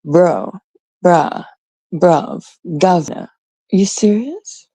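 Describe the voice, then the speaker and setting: A woman's voice: on the low side, animated, takes it slowly, mellow, no echo. A woman hosting a casual livestream, ranting in a profane, sarcastic way and greeting viewers in chat. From Canada. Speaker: livestream host.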